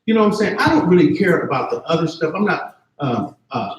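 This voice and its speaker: A man's voice: fairly high pitch, very animated, fairly quick. A man in his fifties, speaking from the audience at a campus panel. He talks with passion, swears freely and keeps asking whether he is understood. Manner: passionate, profane, keeps asking "you see what I'm saying". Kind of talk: impassioned spoken comment. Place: campus event hall. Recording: very echoey live room.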